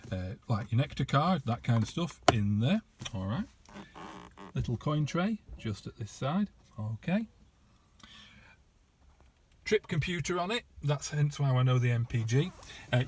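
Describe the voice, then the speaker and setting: British man, private seller, relaxed chatty walkaround, mid pitch, faint hiss behind. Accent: British English. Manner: chatty, filler-heavy, informal. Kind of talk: casual walkaround video. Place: inside a parked car.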